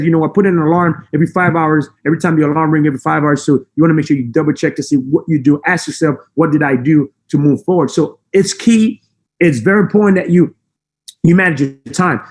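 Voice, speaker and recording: A man with a non-native English accent giving a fast, intense motivational talk to a team of agents. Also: high-pitched, a little mellow. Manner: intense, emphatic, fast-talking. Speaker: motivational speaker. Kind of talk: high-energy motivational talk. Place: room with a camera.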